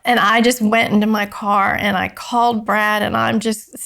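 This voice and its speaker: A woman, a grieving mother telling her story slowly and haltingly, often soft and near tears. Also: medium pitch, little pitch movement, gravelly. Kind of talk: emotional storytelling interview.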